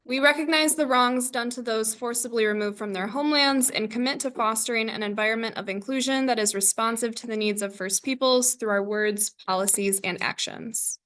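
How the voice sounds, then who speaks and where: A woman chairing a student government meeting, reading the agenda and roll call in a brisk, scripted way. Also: a little high, fairly bright tone.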